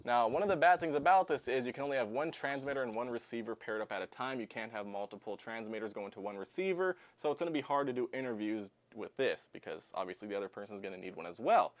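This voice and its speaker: A man's voice: medium pitch, animated, quick pace, hardly any pauses. A man hosting a product review vlog, talking casually and upbeat while demonstrating the gear hands-on. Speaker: tech reviewer. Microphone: clip-on lavalier.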